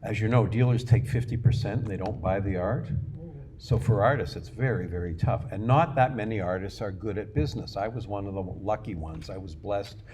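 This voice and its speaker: An older man with a lowish voice lectures to an audience, spinning wry, self-mocking stories with plenty of ums and uhs. The recording carries a steady layer of background noise. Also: brisk. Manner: chatty storyteller, wry and self-mocking, frequent fillers. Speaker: guest lecturer, artist. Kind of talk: anecdotal public lecture. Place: lecture room.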